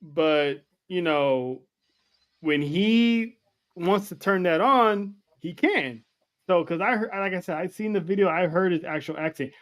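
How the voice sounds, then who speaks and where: A wrestling podcast co-host takes the floor in casual chat, making his points emphatically and repeating words. He has a high voice and speaks a little slowly.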